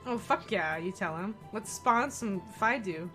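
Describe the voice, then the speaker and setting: A woman reads game narration aloud in the second person, with an expressive and playful delivery. Her voice sits at an ordinary middle pitch for a woman. She reads in the easy manner of a stream co-host. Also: unhurried, faint music behind. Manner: expressive, playful reading with frequent laughter. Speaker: co-host reading a visual novel aloud.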